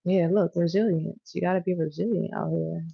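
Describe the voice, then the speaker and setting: A woman's voice: on the low side, fairly even intonation, a little fast, gravelly, breathy edge, no echo, dull audio. A woman giving a casual tarot reading to her viewers, rambling, profane and chatty as she goes. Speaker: tarot reader.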